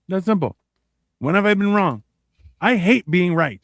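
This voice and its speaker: A man chatting casually on a podcast, swearing freely and acting out quoted exchanges with lively shifts. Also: high-pitched, moderate pace, pauses often, dry recording, studio quality. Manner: profane, animated, acts out quoted exchanges. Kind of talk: casual chat.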